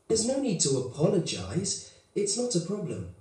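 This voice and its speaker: A man's voice: high-pitched, wildly swooping pitch, moderate pace, dark tone, distant mic. A man acting a reassuring dinner host in a textbook dialogue. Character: reassuring host offering to make more food. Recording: course audio played into an echoey room.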